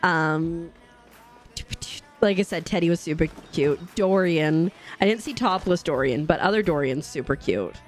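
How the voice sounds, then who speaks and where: A woman's voice: sits low, measured pace, soft background music. Chatty giggly woman streaming a game. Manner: chatty, giggly, talks to chat. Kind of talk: casual live-stream chat while gaming. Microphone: desk microphone.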